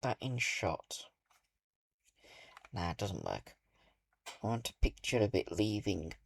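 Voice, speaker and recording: A British man talks unhurriedly through a relaxed gameplay session, musing to himself as he watches. His voice sits low with a gravelly edge, and his pitch wanders up and down with lively movement. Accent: British English. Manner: musing aloud, slow and thoughtful. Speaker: gaming video creator. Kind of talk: casual gameplay commentary.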